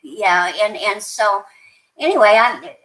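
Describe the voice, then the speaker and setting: An older woman guesting on a podcast, talking in a casual, rambling way. She restarts her sentences often and fills the gaps with "um" and "you know". Her voice sits at an ordinary middle pitch for a woman. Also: animated, takes it slowly, a bit bright, rough recording. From New Mexico, USA. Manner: rambling, many restarts and fillers, chatty. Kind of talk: casual interview storytelling.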